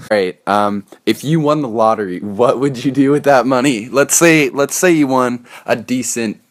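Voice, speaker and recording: A man's voice: mid-range voice, measured pace. A young man co-hosting a casual podcast, chatty and loose, laughing and swearing as he asks questions. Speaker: podcast co-host. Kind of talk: casual chat.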